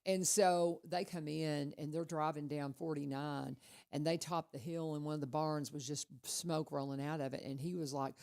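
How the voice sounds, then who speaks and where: A woman hosting a casual radio chat, telling stories in a chatty, animated way. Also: low-pitched, brisk. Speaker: radio host.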